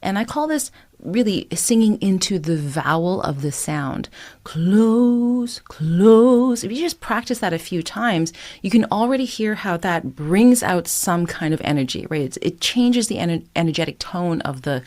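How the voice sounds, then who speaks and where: A woman's voice: on the low side, animated, moderate pace. A middle-aged woman teaching singing, explaining step by step with an encouraging tone. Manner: encouraging, explains step by step, sings short phrases as demonstrations. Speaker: voice coach. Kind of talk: singing tutorial, talking to camera.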